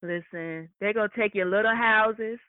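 A woman's voice: medium pitch, normal speed, clean tone, no echo. Brash woman on a tinny line. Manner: brash, cackling, loud laughter. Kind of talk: casual profane chat. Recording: tinny phone-like audio.

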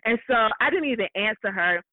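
A woman's voice: on the high side, a little fast, no room sound. Blunt storytelling woman on a tinny line. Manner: blunt, profane, animated retelling. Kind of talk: casual storytelling chat. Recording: dry, tinny phone-like sound.

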